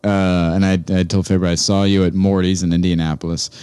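A man hosting a casual comedy chat, telling stories with excitement and frequent laughter and swearing. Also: sits low, fairly quick, smooth, no room sound. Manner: excited storytelling, laughs often, swears freely.

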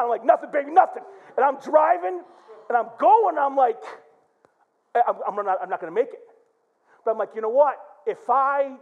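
A male pastor from Michigan preaching in church, telling a story with lively acted-out quotes and shouts. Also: very high voice, vocal fry, narrow, tinny audio. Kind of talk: sermon.

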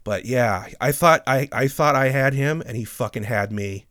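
A man's voice: medium pitch, moderate pace, no room sound, clean studio sound. A man casually telling a funny workplace story, swearing often and laughing. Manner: profane, animated, laughs often. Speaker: podcast host telling a story.

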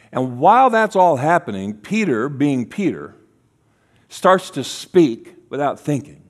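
A man preaching a sermon as a guest speaker, acting out voices in his stories and dropping to a hush for key lines. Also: fairly high pitch. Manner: animated, acts out voices in quotes, drops to a hush for key lines.

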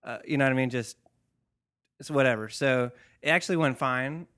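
A man's voice: medium pitch, a little fast, a bit bright. A man co-hosting a podcast, chatting casually in a rambling way, with many fillers and dry, sarcastic asides. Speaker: podcast co-host. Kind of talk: casual chat.

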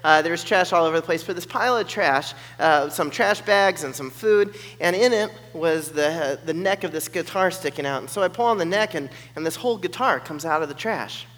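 A man telling a personal story in an animated way, acting out the voices of the people in it. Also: a little high, a little fast, hardly any pauses. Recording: long hall reverb.

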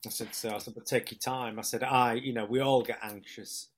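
A man's voice: mid-range voice, fairly even intonation, a little fast, slight background noise. Chatty man in his fifties. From Hull, England. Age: 50s. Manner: rambling anecdotes, quoting others, laughing often. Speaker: actor guest. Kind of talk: chatty interview storytelling.

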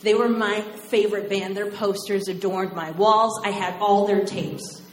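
A woman from Oklahoma tells a personal story to a live crowd, animated and quick to act out every voice. Her voice sits in the middle of the range. The sound is roomy, with a faint hiss behind it. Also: medium pitch. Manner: animated, acts out voices and laughs.

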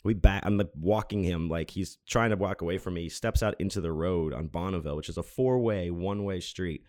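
A man with a very low, deep voice tells a long personal story in a loose, rambling way. He keeps restarting his sentences, leans on fillers, and swears casually. The recording is close and dry. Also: fairly quick, darkish tone, no echo. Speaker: podcast host.

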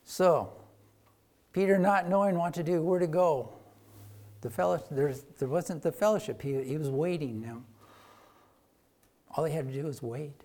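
A man preaches a sermon, retelling a Bible story conversationally at a moderate pace with frequent pauses. His voice is a little high, and he grows louder for emphasis before dropping soft and quiet.

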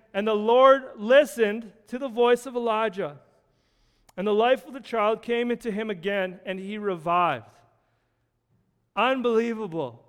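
A man preaching in a high, smooth, resonant voice, earnest and conversational, circling back over his phrases as he works through scripture. His words ring out with a long reverb, as in a large hall. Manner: conversational, earnest, with frequent restarts and scripture readings. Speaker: pastor. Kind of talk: sermon.

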